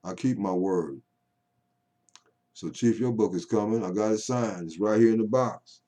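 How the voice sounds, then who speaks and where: Rambling older man, deep folksy voice. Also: normal speed, mellow. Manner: folksy and digressive, rising into call-and-response preaching. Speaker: poet vlogger. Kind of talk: rambling casual monologue to camera. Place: home.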